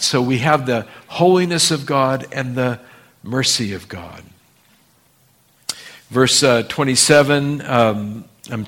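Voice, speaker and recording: A man leading a Bible study at an ordinary middle pitch. He explains each point in a relaxed, conversational way, with fillers and asides to his listeners. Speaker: Bible teacher.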